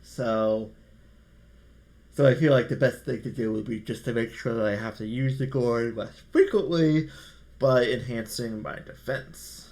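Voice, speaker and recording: A man's voice: mid-range voice, a little slow, darkish tone. Wry man thinking aloud over gameplay. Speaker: gameplay commentator. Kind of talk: casual let's-play commentary.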